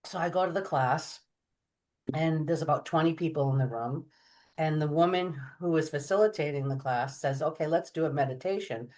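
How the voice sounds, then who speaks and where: A middle-aged woman telling her story as an interview guest, chatty and animated, acting out the voices of people she quotes. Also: low voice, normal speed. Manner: chatty, many fillers and restarts. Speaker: guest medium.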